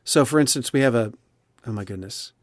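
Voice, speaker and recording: A man who narrates audiobooks chats expressively in a casual interview, restarting his sentences often. His voice is medium-pitched and brisk, recorded with clean studio sound and no echo.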